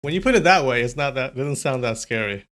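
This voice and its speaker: A man's voice: mid-range voice, expressive, brisk, a bit bright. A man hosting a casual livestream, chatty and thinking aloud, laughing often. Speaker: streamer.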